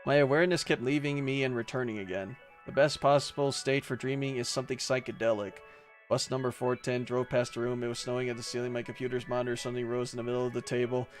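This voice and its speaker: A man of ordinary pitch reads a visual novel's narration and dialogue aloud for his stream. He stops now and then for a joke and a laugh, with faint game music playing behind him. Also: steady tone, fast talker. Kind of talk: playful read-aloud of game text with commentary.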